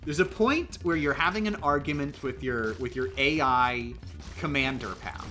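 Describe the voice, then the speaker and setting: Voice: medium pitch, moderate pace, sharp tone, soft background music. A livestreamer chatting casually during a game stream, rambling with lots of fillers and emphatic restarts.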